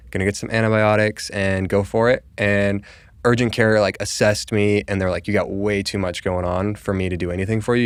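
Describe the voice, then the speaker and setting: Young man with a smooth, low voice. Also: no echo. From Colorado. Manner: conversational, full of "like", acts out quoted dialogue. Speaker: podcast guest, real estate agent. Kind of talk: casual storytelling interview.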